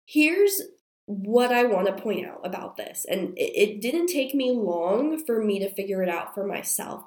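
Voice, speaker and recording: A woman's voice: medium pitch, darkish tone. A young woman who is sick and has a strained voice, chatting casually to viewers as a mom and telling a story with many fillers. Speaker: mom vlogger. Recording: roomy echo.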